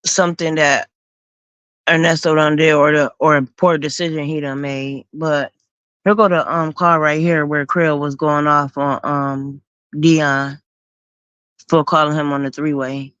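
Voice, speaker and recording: A woman hosting a stream, slowly recounting events in a casual storytelling manner. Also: low voice, little pitch movement, fairly bright tone, clear, resonant tone, no echo, highs cut off. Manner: slow, recounting events with acted quotes. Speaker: host.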